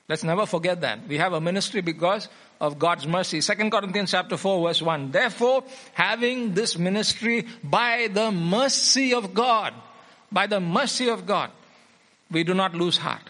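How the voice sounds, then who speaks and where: A man with a fairly high voice preaches a sermon, reading Bible passages and then hammering his points home by saying them twice. His delivery is bright, forceful and emphatic, like a teacher repeating key phrases.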